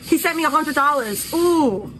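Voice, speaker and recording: Brash livestream host from New York City, a woman who gets loud and profane, with light noise behind her. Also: a little high, a little fast. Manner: loud, profane, animated, yells when flaming people. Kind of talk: heated livestream argument.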